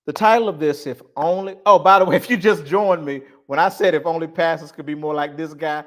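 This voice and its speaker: A man's voice: a little high, a little fast. Blunt, laughing male commentator. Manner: blunt, swings between laughing and stern. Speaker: host. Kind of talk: casual commentary on a video clip.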